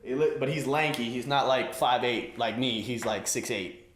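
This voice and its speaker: A man's voice: mid-range voice, normal speed, a bit bright, roomy sound, a little hiss or hum. A man in his twenties riffing on sports in a loose, slangy comedy set, a little winded. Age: 20s. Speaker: host. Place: room with an audience.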